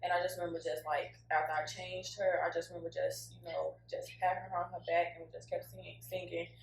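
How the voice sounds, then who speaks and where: A woman's voice: lowish voice, flat delivery, fast, gravelly. A woman co-hosting a podcast, telling her own story in a candid, emotional, informal way with lots of fillers. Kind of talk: casual heartfelt podcast chat. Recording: echoey room, mic at a distance, faint hum.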